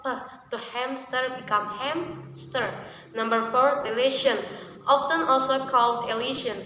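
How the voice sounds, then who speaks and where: Bright young woman in a reverberant hall. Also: on the high side. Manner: numbered, list-like delivery. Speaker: student presenter. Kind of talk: reading a class presentation. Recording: echoey hall with faint background noise.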